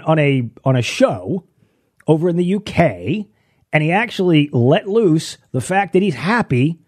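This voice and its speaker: A man's voice: a little high, darkish tone. A man hosting a political commentary show, ranting and sarcastic, with many restarts. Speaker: host.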